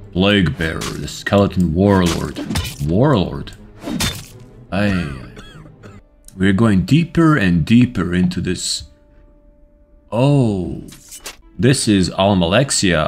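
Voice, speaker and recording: A man giving casual commentary over his own gameplay, excitable and swearing at enemies. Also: deep voice. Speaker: gaming video host.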